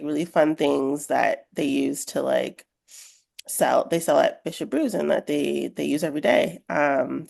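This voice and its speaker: A woman author being interviewed on a podcast, sounding sleepy and talking in a relaxed, chatty way. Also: sits low, gravelly. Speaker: guest author. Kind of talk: casual interview.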